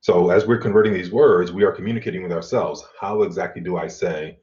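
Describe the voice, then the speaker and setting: Man, middle-aged, college instructor, deep low voice, relaxed lecture, muffled computer mic. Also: a little fast. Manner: relaxed explanatory, with fillers and throat clearing. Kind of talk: online class lecture. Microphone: computer mic on video call. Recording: dull lo-fi video call audio.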